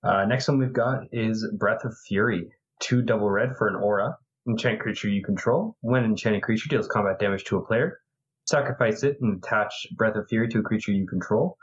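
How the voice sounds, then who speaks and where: Low-voiced man on a dull, slightly noisy line. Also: brisk. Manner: brief affirmations, reads card text plainly. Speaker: podcast co-host. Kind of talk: casual group chat. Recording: dull lo-fi audio with faint noise.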